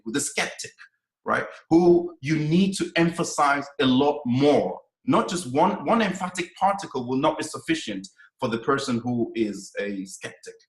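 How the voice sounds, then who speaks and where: A man's voice: mid-range voice, reverberant, low-quality recording. A man teaching Quranic Arabic in a lecture, explaining step by step and often checking in with "right?". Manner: explanatory, frequent "right?" check-ins, emphatic.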